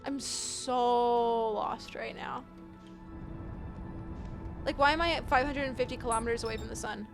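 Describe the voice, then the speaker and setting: A young woman with a high, light voice talks casually as she streams, reading chat aloud and laughing easily. She gets flustered and quick when things go wrong. Game music plays clearly behind her. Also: steady tone. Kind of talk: casual live-stream chat while gaming.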